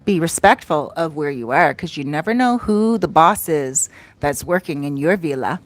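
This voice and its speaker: A woman's voice: low voice, animated, moderate pace. A woman hosting a casual livestream, chatting affectionately and reading out viewer comments. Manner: affectionate, effusive, reads viewer comments aloud. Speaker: livestream host and life coach. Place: outdoors in the Dominican Republic.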